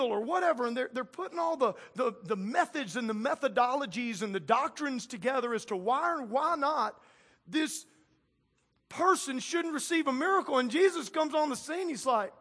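A pastor with a strikingly high voice gives a conversational sermon. He retells scripture in plain speech and acts out the characters as he goes. His delivery shifts between hushed moments and loud, emphatic ones. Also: expressive, moderate pace.

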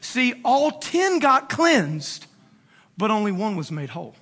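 Male pastor, very high bright voice, casual animated sermon delivery. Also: slow. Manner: slangy, animated storytelling with acted-out quotes.

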